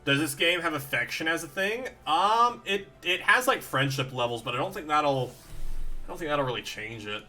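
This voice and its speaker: A man's voice: on the high side, lively intonation, moderate pace, sharp tone, faint music behind. A young man streaming a video game live, chatting with viewers and cheering on his creature with fillers and playful coaxing.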